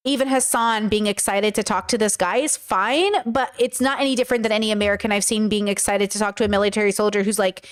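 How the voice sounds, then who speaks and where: A woman's voice: medium pitch, fairly even intonation, fairly quick, clear, resonant tone. A woman hosting a casual reaction commentary, chatty and rambling with frequent laughs. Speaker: commentary host reacting to clips.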